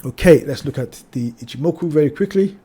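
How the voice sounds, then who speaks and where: A man's voice: on the high side, expressive, fairly quick, breathy edge. Man warning viewers over trading charts. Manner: cautionary, repeats phrases, addresses "ladies and gentlemen". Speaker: crypto trading channel host. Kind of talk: chart analysis talk.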